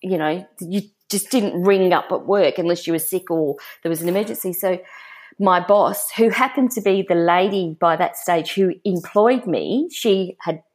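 A woman's voice: fairly low pitch, moderate pace, a little mellow. A middle-aged woman with an Australian accent, telling a personal story in a chatty interview, full of fillers and restarts. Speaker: interview guest. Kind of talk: storytelling in casual conversation.

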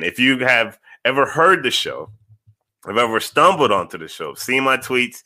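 A man's voice: on the low side, pushed and bright, no room sound. A man hosting a casual sports podcast, talking to his chat viewers and repeating phrases for emphasis. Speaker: podcast host.

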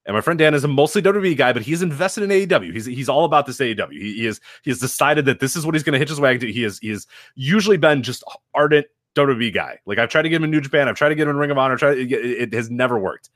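A man co-hosting a wrestling podcast in casual chat. He talks fast, with his pitch swinging widely as he acts out what other people said. He laughs often and swears freely, in a dry, close recording. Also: animated, fairly bright tone, dry recording. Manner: acts out quoted people in changed voices. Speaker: podcast co-host.

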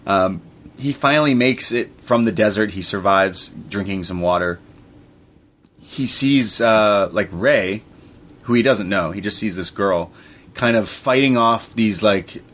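A man co-hosting a movie podcast, casually recapping the plot in a rambling way with quick voiced asides. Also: lowish voice, a bit bright. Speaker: podcast co-host. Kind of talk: casual movie review chat.

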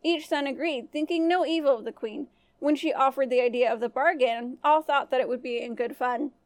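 A woman storyteller narrating a fairy tale for a family-friendly podcast in a gentle manner. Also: sits high, fairly quick, no room sound.

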